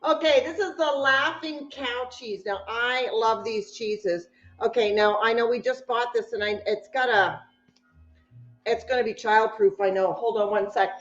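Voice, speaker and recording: A woman with a high voice talks slowly and warmly to her live-stream viewers from her kitchen, bubbly and quick to laugh. The sound is dull and lo-fi, and it rings around an echoey kitchen. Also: steady tone, faint music behind. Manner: bubbly, chatty, breaks into laughter. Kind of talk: casual live-stream chat. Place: home kitchen.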